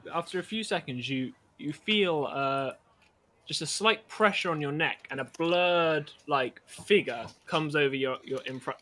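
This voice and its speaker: A man's voice: fairly high pitch, sharp tone. A man narrating as game master for a tabletop game, rambling with many fillers.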